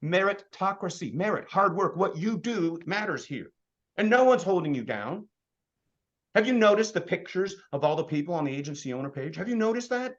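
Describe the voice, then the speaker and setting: Energetic guy in his 50s doing a sales training talk, lots of rhetorical questions, slightly high voice. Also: fairly quick, highs cut off. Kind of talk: motivational business presentation.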